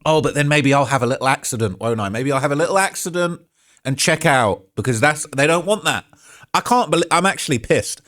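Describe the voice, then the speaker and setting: A man's voice: a little high, expressive, brisk, fairly bright tone. A man hosting a true-crime commentary show, ranting with heated sarcasm and reading out online comments. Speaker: host.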